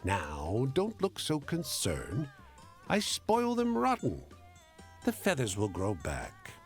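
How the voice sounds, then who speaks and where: A man voicing a cheerful, fussy hotel bellman in a narrative game, with a lively sing-song delivery. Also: medium pitch, takes it slowly, soft background music, full character voice. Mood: delighted, proud. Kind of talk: voice-acted game character.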